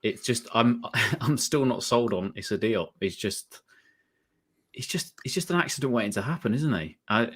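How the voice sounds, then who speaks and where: A man co-hosting a football chat, halting and restarting as he talks. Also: mid-range voice, expressive, husky. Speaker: co-host. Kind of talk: casual chat.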